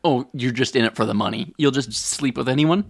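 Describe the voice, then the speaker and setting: A man co-hosting a comedy podcast, animated and mock-outraged as he riffs. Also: mid-range voice, a little fast, no echo, clean studio sound. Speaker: podcast co-host. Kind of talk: improvised comedy chat.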